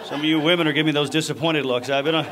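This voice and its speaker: A middle-aged man doing energetic live stand-up on a club stage, teasing the crowd with punchy delivery. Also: on the high side, very fast. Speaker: stand-up comedian. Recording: live club audio with audience noise.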